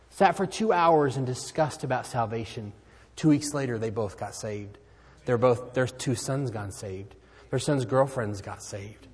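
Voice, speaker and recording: A man speaking as a missionary, making an earnest appeal in a sermon, swinging from loud exclamations to hushed near-whispers. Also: mid-range voice, slightly rough. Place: church sanctuary. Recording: hall reverb.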